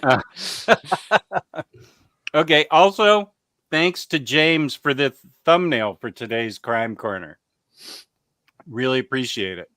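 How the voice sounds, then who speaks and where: Bright, smooth-voiced male host, upbeat, dry sound. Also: mid-range voice, animated, takes it slowly, long pauses, dry recording. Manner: upbeat, reads chat comments aloud. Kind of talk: casual livestream chat.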